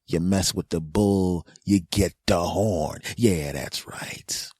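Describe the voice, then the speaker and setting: 40s guy ranting on his podcast, swearing and mocking, husky low voice, dry close mic. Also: slow pace, darkish tone, no echo. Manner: profane, mocking, blustering. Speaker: podcast host. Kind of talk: comedic rant.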